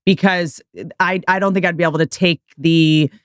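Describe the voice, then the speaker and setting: A woman hosting a podcast in casual chat, asking quick, joking, teasing questions. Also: lowish voice, steady tone, smooth, no room sound. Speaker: podcast host.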